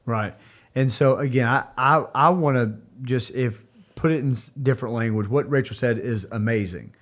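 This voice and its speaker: Earnest and prone to restarts and fillers, a thirty-something co-host of a church podcast talks casually at normal speed. His mid-range voice has a slightly bright tone.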